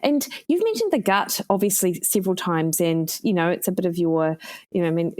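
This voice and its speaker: A woman's voice: fairly low pitch, expressive, fairly quick, darkish tone. A woman podcast host asking rambling, filler-heavy questions in a conversational interview.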